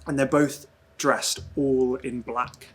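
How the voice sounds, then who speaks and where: Slow husky game master. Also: male voice, mid-range voice, flat delivery. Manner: slow, hushed, dreamy descriptive narration. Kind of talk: narrating a tabletop game.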